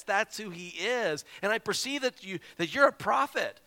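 A man from South Carolina, an evangelist preaching a sermon and telling a story with lively, repeated words. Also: high-pitched, normal speed, few pauses. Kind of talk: sermon with Bible reading. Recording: long hall reverb.

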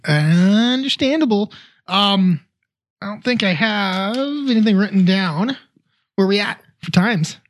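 A young man from Idaho co-hosting a podcast, ranting crudely and comically on word prompts in rapid-fire bursts. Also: sits high, animated. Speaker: podcast co-host. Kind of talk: profane comedic riffing on word prompts.

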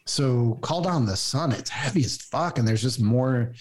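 A man's voice: mid-range voice, expressive, measured pace, a little mellow. A man co-hosting a podcast, frank and opinionated in casual chat. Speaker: podcast co-host.

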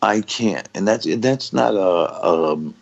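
A middle-aged man with a very low, gravelly voice speaks frankly as an interview guest. His talk is raw and full of swearing, and he breaks off and restarts his sentences often. The recording sounds dull and lo-fi. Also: lively intonation. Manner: raw, profane, halting with many restarts. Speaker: guest, former pro wrestler.

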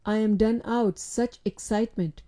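A woman reading the lines of a lively, hospitable middle-aged mother who likes a joke, in a storybook. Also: a little high, normal speed, natural voice. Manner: bustling, fond of a joke.

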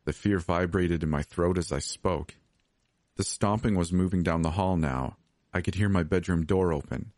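A man reading a scripted horror story as podcast narrator, steady and measured. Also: low voice, no room sound, studio quality.

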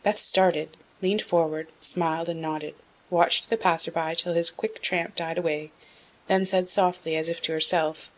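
A woman reads a classic novel aloud as an audiobook narrator. Her voice sits on the low side, and her storytelling runs steady and even. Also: unhurried. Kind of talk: scripted narration.

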